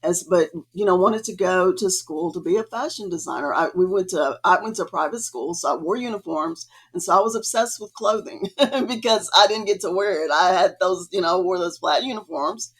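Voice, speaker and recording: A woman guest telling her story in a casual interview, chatty and lively, acting out remembered conversations. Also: moderate pace, breathy edge. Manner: chatty, acts out quoted dialogue with rising pitch. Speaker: guest artist.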